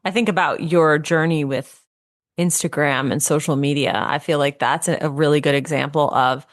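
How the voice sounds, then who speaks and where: A woman's voice: low voice, fairly even intonation, moderate pace, no room sound, clean studio sound. A woman co-hosting a business podcast, talking in an upbeat, conversational way. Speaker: podcast co-host. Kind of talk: casual podcast chat.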